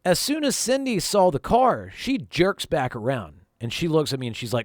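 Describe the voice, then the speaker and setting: Man from North Carolina telling a lively story. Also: fairly high pitch, moderate pace, no room sound, studio quality. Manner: profane, conversational, emphatic. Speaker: vlog host telling a personal story. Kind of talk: casual storytime narration.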